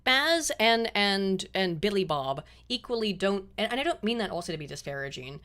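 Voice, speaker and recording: A woman hosting a casual political chat, blunt and quick to swear, laughing now and then. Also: medium pitch, very animated, fairly bright tone. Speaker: host.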